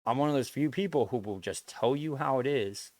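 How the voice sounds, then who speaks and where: In a dry recording, a man with a medium-pitched, darkish voice speaks fairly quickly to his live viewers. His casual stream chat turns into a blunt lecture, full of swearing and repetition as he presses his point.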